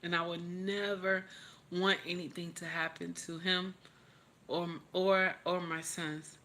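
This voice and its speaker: A woman's voice: on the low side, flat delivery, slow, bright, forceful tone. A woman hosting a livestream, tearful, giving emotional motivational talk and repeating her encouragements over and over in a preachy way. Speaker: livestream host.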